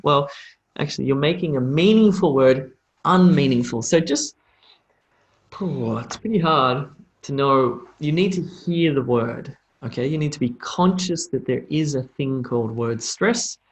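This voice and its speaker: A man teaching a live online English lesson, reading out student questions and demonstrating sounds slowly and repeatedly in a relaxed, chatty way. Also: on the high side, low-quality recording.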